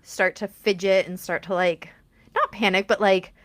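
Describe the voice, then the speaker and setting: A woman in her thirties, chatting casually and telling animated stories. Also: medium pitch, moderate pace, no room sound. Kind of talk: casual conversation.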